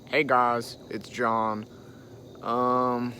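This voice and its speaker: A man playing a weary, condemned Salem farmer who speaks to the camera in halting vlog messages, saying "y'all". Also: medium pitch, flat delivery, bright, forceful tone, slight background noise. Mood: somber. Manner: slow, halting, says "y'all". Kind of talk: amateur vlog-style role-play.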